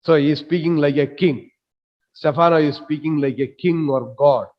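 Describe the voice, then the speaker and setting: A man teaching literature, reading lines from a play with dramatic emphasis and then explaining them in plain words. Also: fairly high pitch. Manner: reads lines dramatically then paraphrases slowly. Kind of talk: classroom lecture explaining a play. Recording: dull reverberant classroom-style audio.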